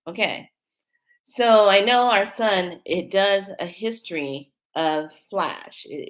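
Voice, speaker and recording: Rambling woman hosting a spiritual vlog. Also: fairly low pitch. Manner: rambling, excitable storytelling with many restarts. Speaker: spiritual channel host. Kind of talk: casual spiritual vlog talk.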